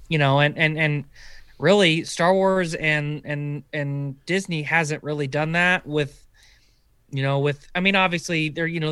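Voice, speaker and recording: A man co-hosting a casual chat, talking in halting bursts with many restarts. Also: fairly high pitch, fairly bright tone, no echo. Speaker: podcast co-host.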